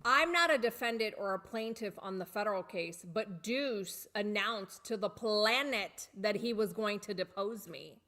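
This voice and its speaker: A woman's voice: medium pitch, lively intonation, moderate pace, few pauses, sharp tone. A woman co-hosting a livestream, chiming in and reading out chat comments. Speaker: co-host of a livestream.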